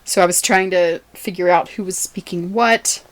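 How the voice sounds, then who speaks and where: A woman's voice: fairly low pitch, fairly even intonation, moderate pace. A woman co-hosting a podcast, chatting casually and often laughing as she recaps a TV episode. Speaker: podcast co-host.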